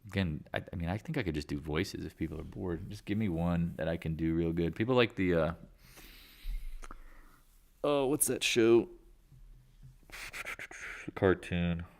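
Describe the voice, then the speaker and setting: A man's voice: low-pitched, fairly quick, vocal fry, a little mellow. A man hosting a casual live market chat, rambling and joking as he goes. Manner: rambling, jokey, self-deprecating. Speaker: market chat host and real estate agent.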